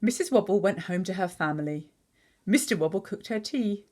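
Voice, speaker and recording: A woman teacher reading a picture book aloud, pausing to chat and quiz the listener on words. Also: mid-range voice, lively intonation, a little mellow. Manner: chatty, asks the listener questions.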